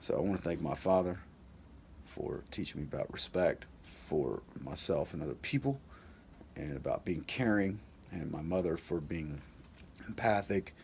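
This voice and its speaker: Deep, gravelly man telling a story. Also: moderate pace, darkish tone, a little hiss or hum. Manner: rambling, fillers like "like" and "you know". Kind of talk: personal storytelling.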